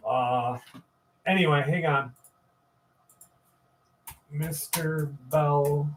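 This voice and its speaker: A man's voice: on the high side, slow pace, far from the mic, a little hiss or hum. A man hosting a live stream, rambling casually, swearing freely and greeting viewers in the chat. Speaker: livestream host.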